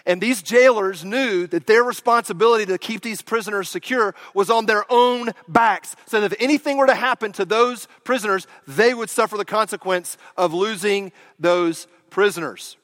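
High-voiced male preacher, animated. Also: no echo. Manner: animated storyteller, swinging from loud bursts to hushed lines. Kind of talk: sermon.

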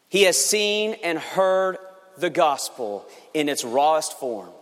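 A man preaching a sermon as pastor, emphatic and swinging between loud passages and hushed ones. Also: a little high, big pitch swings, slow, big-room sound.

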